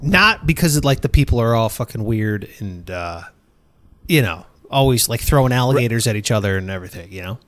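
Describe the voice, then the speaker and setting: A man's voice: medium pitch, brisk. A man hosting a casual comedy podcast, joking around and slipping into silly voices. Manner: animated, jokey, puts on silly voices. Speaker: podcast host. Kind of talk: casual banter.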